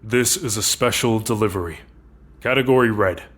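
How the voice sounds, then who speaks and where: A man voicing a terse, nervous warehouse supervisor who gives curt, hurried orders. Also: on the low side, fairly bright tone, husky. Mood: urgent.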